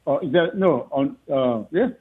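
A man, the father of a recruit, telling a story in a rambling, halting way with frequent laughs. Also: a little high, animated, breathy edge. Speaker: father of a recruit, interview guest. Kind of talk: phone interview, storytelling. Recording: tinny phone line.

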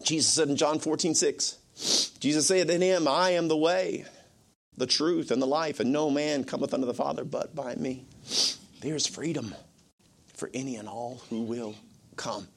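A man's voice: fairly high pitch, normal speed, creaky. A male pastor preaching a sermon, dropping to whispers and rising to urgent, raised lines, a bit sniffly and emotional.

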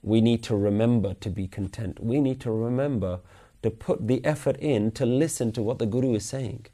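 A man giving a Sikh religious lecture at a weekly class, earnestly questioning his listeners and slowly chanting scripture lines. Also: mid-range voice, mellow. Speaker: Sikh teacher.

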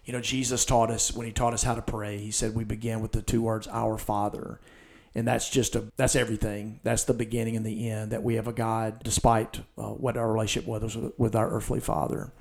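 A man's voice: lowish voice, little pitch movement, fairly quick, gravelly, a little mellow. A man hosting a church podcast conversation, talking earnestly and retelling scenes with quoted lines.

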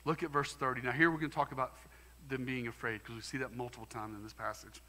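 Pastor guy preaching, punchy and chatty, bright tone, big echoey church. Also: mid-range voice, level tone, fast talker. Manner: emphatic, conversational preaching. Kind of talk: sermon. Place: church sanctuary.

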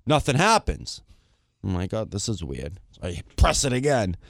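A man's voice: lowish voice, moderate pace, gravelly, no room sound, studio quality. A man co-hosting a casual talk show, telling a long rant and acting out both sides of the exchange. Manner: animated, acts out both sides of a story, swears casually. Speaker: podcast co-host. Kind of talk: casual chat, storytelling rant.

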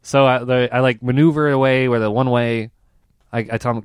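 A man's voice: mid-range voice, a little fast, smooth, no echo, clean studio sound. A man, a comedian and podcast co-host, telling a story in casual chat, rambling with lots of fillers and restarts and laughing as he talks. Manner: animated, rambling, full of fillers and restarts, laughs mid-sentence.

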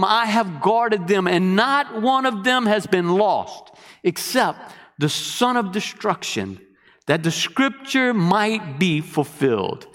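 A man preaching a sermon, animated, asking the congregation questions and waiting for answers. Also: high-pitched, in a large hall.

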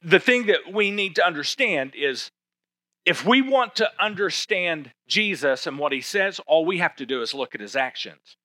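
Bright-voiced man preaching conversationally. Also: a little high, lively intonation, normal speed, no room sound. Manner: conversational, emphatic preaching with rhetorical questions. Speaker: pastor. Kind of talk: sermon.

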